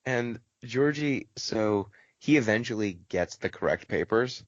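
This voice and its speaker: A man hosting a casual podcast discussion, telling stories in an animated, quick way. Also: on the low side, no room sound, dull audio. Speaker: podcast host.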